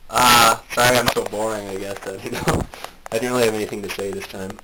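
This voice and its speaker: A man's voice: lowish voice, fairly even intonation, quick pace, heavy background noise. A man guesting on a casual comedy podcast, rambling through crude jokes with lots of giggling.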